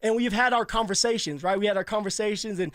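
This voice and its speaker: A man who co-hosts a sports radio show, a former pro football player telling animated stories in casual talk. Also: high voice, fast talker, no room sound, studio quality. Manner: animated, laughing storyteller. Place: radio studio.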